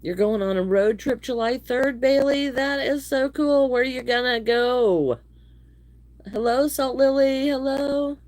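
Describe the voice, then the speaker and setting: A woman's voice: fairly high pitch, unhurried, a little mellow. A middle-aged woman, chatting casually with viewers while she crochets, a little wheezy from allergies. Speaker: crochet livestream host. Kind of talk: casual livestream chat.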